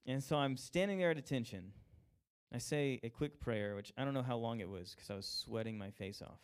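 Young man, testimony storyteller, animated, plays out quoted voices, mid-pitched. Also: brisk, smooth. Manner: animated, acts out quoted voices, laughs at himself. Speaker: speaker sharing a personal testimony.

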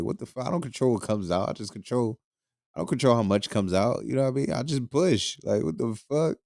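A man's voice: lowish voice, darkish tone, no room sound, studio quality. A man hosting a podcast, ranting crudely and jokingly in a loose, rambling way, laughing often. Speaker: podcast host. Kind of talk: casual podcast rant.

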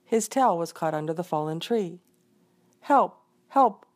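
A woman reading a folk tale aloud in an expressive storytelling manner. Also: fairly low pitch, fairly quick. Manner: expressive, voices the characters.

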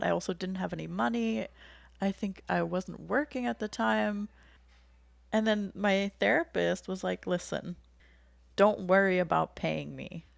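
A woman's voice: medium pitch, creaky, no room sound. A young woman telling a personal story in casual conversation, candid and emotional, often laughing as she speaks.

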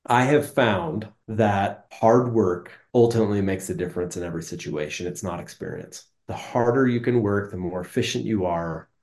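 Guest: man, 30s, from Utah. Low voice with a warm, mellow tone, earnest and reflective. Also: normal speed, hardly any pauses. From Utah, United States. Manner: earnest, conversational, frequent restarts. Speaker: interview guest, business executive. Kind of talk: reflective storytelling.

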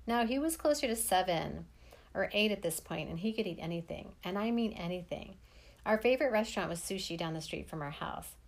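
A woman's voice: lowish voice, creaky. A woman in her thirties narrating her own memoir in a plain, wry manner. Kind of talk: first-person memoir storytelling.

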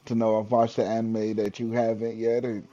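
A man's voice: on the low side, flat delivery, fairly quick, dark tone. A man, co-hosting a casual chat, laid-back and dryly teasing. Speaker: podcast co-host. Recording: dull lo-fi sound.

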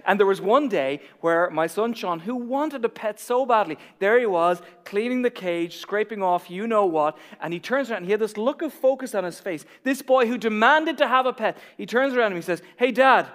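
A middle-aged man preaching a sermon as a pastor, swinging between soft, quiet asides and emphatic, building peaks. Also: high voice, lively intonation, moderate pace, few pauses. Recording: long reverb of a large hall.

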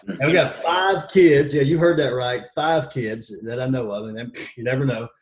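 A man in his thirties talking as a podcast guest, energetic and joking as he tells stories. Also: mid-range voice, normal speed. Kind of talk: casual podcast conversation.

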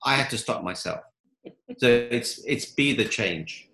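Bright-voiced motivational man. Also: medium pitch, expressive, a little slow, vocal fry, echoey room, poor audio. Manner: upbeat, motivational, tells stories. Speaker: guest, coach. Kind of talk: interview answers.

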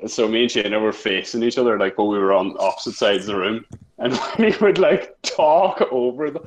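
A man's voice: lowish voice, animated, a little fast, rough recording. Rambling young man, laughing storyteller. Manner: rambling, filler-heavy, laughs often. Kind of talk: casual chat among school friends. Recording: faint background noise with clicks.

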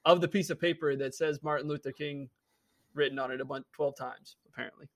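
A man co-hosting a podcast with a fairly high voice. He reads out a post in a plain, matter-of-fact way during casual chat. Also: steady tone, a little fast, a bit bright. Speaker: podcast co-host.

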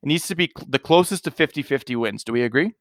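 A man's voice: medium pitch, expressive, fast, fairly bright tone, no echo, clean studio sound. A man co-hosting a casual podcast, talking emphatically and getting worked up over small opinions. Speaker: podcast co-host. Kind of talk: casual chat.

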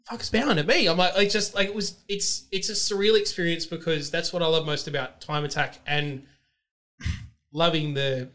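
A man telling excited stories in casual chat, swearing freely and using lots of fillers. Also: on the high side. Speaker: podcast guest.

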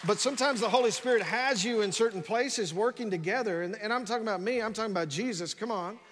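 This male pastor preaches fast in a high voice, full of energy, saying "come on" often and restarting repeatedly. The sermon is recorded in a church sanctuary with the long reverb of a big hall, and a crowd is faintly audible.

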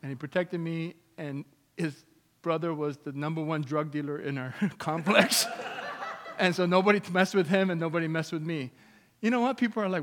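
Male pastor preaching, bright and forceful, not a native English speaker, shifts between loud and hushed. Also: on the high side, normal speed, long reverb tail. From Canada. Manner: swings between loud exclamations and hushed storytelling. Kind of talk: sermon with personal testimony.

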